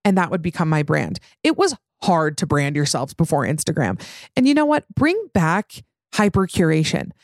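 A woman in her thirties hosting a podcast, chatting casually and reading out listener stories with animated, quick asides. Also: low-pitched, no echo, studio quality. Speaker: podcast host.

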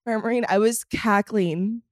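A young woman, a podcast guest, chatting casually and telling an animated story, acting out quotes and laughing often. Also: mid-range voice, measured pace, no echo, clean studio sound. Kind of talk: casual chat.

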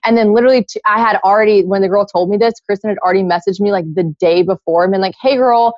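A young woman telling a story in casual chat, animated and acting out what others said. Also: mid-range voice, racing, no room sound, muffled recording. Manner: animated, acts out quotes in other voices. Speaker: podcast guest.

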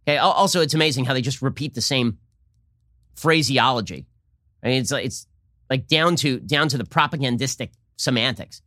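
A man hosting a political podcast, delivering a fast, sarcastic opinion monologue and mocking his opponents. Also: medium pitch, pushed and bright, no echo, studio quality. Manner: sarcastic, mocks opponents in put-on voices.

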